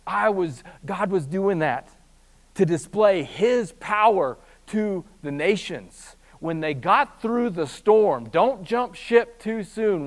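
A man preaching a sermon, swinging between hushed, slow passages and loud, fast bursts, with humorous asides. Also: high-pitched. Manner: animated storytelling with humorous asides. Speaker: pastor.

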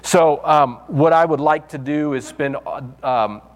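A man's voice: on the high side, measured pace, in a large hall. A man preaching as a pastor, telling a personal story casually with many restarts and fillers. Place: church sanctuary.

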